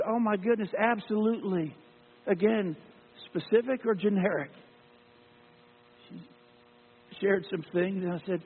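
A man with a high-pitched, husky voice preaches a sermon as a lay preacher, recounting a personal story and voicing its dialogue earnestly. The audio is tinny like a phone, with mains hum and a long hall reverb.

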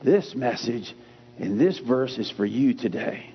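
A man preaching a sermon in a church. He talks emphatically and repeats key phrases with slow, drawn-out stress. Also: mid-range voice, lively intonation, slight background noise. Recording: dull recording with long hall reverb.

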